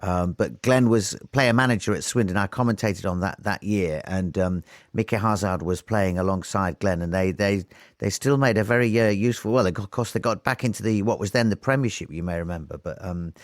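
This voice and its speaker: A man's voice: on the low side, brisk, no echo, clean studio sound. A man who works as a football commentator, chatting on a radio panel in a rambling way with many fillers.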